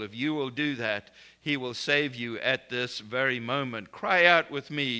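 A man's voice: mid-range voice, measured pace, hardly any pauses, pushed and bright, clear, resonant tone. A man preaching a recorded sermon in an emphatic, declarative way, speaking blessings and prayers over his listeners.

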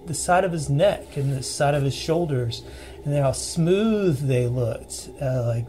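A man telling a personal ghost story in a casual, earnest way, pausing and restarting as he recalls the details. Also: fairly high pitch, warm tone, slight background noise. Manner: earnest, halting retelling with restarts and vivid detail.

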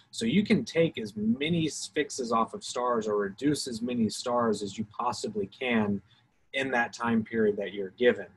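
On a video call with poor audio, a Coast Guard expert from Alabama answers questions in a loose, step-by-step manner, often hedging himself. He has a Southern accent and a husky, mid-range voice, and the informal Q&A is technical in nature.

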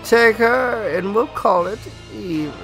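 A man's voice: sits high, unhurried, fairly bright tone, faint music behind, pitched above the performer's own voice, rough recording. A man reading the lines of a scheming female pirate captain in a game, in a theatrical, imperious way. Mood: defiant. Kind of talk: let's play dialogue reading.

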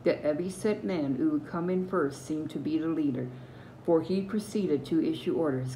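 An older woman with a Newfoundland accent reads a mystery novel aloud in a low voice, telling it steadily and fixing small slips as she goes. A faint hiss sits behind her. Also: moderate pace, rough recording. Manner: steady storytelling with small slips and self-corrections. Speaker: reader.

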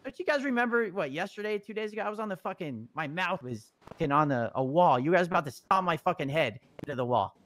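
A man's voice: fairly high pitch, animated, fast talker, few pauses, fairly bright tone. A man in a heated improvised roleplay, pleading and swearing constantly in a frantic way. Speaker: roleplay character Stevie.

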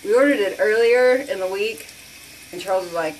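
A woman hosting an excited sales chat for viewers, gushing and repeating phrases for emphasis with breathless exclamations. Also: mid-range voice, normal speed, slight background noise. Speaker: host selling beauty products.

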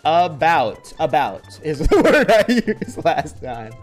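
A man streaming a game in casual chat, often breaking into giggles and dropping into a hushed mock-serious voice. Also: on the high side, very animated, slow, faint music behind. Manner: giggly, breaks into fits of laughter. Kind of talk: casual livestream chat while gaming.

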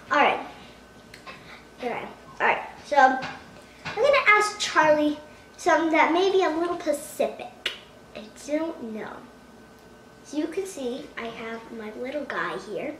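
A woman's voice: high-pitched, lively intonation, moderate pace, fairly bright tone, distant mic, slight background noise. A woman hosting a comedic spoof vlog at home, talking in a playful, mock-dramatic way with exaggerated gasps and alarm. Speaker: vlogger. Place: at home indoors. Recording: echoey room, voice from off-mic.

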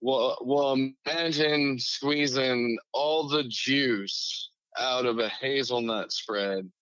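A man calling in to a podcast, excited and talking fast as he tells his bit in casual chat. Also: mid-range voice, clean tone, no echo, muffled recording. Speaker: caller.

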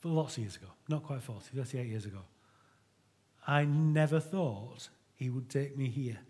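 A man's voice: medium pitch, moderate pace, a little mellow, breathy edge. A middle-aged man preaching a sermon to his church in an earnest, conversational way, often restarting his sentences.

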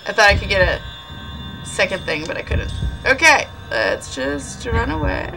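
A woman's voice: mid-range voice, sing-song, a little slow, gravelly, rough recording. A woman casually commentating a horror game, jumpy and swearing, shrieking at scares and talking to the ghosts on screen. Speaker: gaming channel host. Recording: music playing over the voice.

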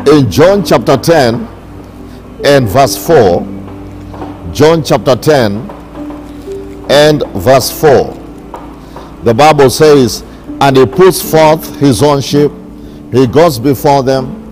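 A bishop preaching a sermon, repeating his declarations slowly and with emphasis. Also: mid-range voice, a little mellow, soft background music. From Kenya.

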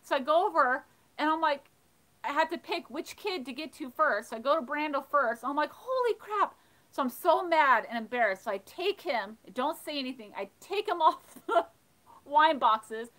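A woman hosting a livestream, casually telling funny stories and reading chat, animated and laughing. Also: high-pitched, normal speed, poor audio. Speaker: livestream host of a thrifting channel. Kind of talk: casual storytelling while reading live chat.

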